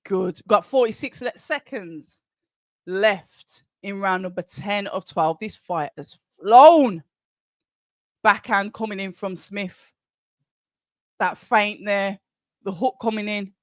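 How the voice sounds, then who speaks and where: With a voice that sits high and studio-quality audio free of echo, a man hosts a live watch-along of a boxing match. He gives quick, excited round-by-round calls of the punches and chats with viewers between rounds.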